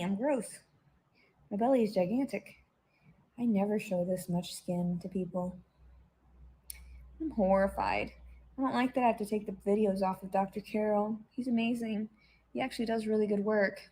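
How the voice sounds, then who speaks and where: Woman vlogger, late-night diary at home; rambling, swears a lot, rants loud then drops to a mutter. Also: mid-range voice, low-quality recording.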